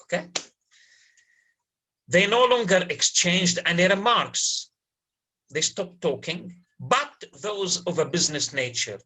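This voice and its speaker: Man lecturing, breathy and bright. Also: sits high, lively intonation, slow, pauses often, low-quality recording. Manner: repeats key words, checks understanding with the class. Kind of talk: university literature lecture.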